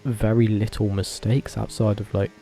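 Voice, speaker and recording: A man vlogging casually, talking in a rambling, animated way with frequent self-corrections and tangents. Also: lowish voice, moderate pace. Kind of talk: casual opinionated commentary.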